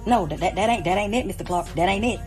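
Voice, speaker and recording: A woman's voice: mid-range voice, fast talker, darkish tone, soft background music, close to an everyday voice. A woman playing a bawdy, cussing old lady in a radio comedy skit. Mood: impatient. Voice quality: brassy, cussing.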